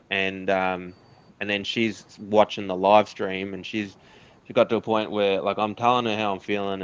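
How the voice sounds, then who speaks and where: Australian man, interview guest, candid and earnest, lowish voice, muffled lo-fi sound. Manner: candid, earnest storytelling with laughs. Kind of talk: casual interview chat.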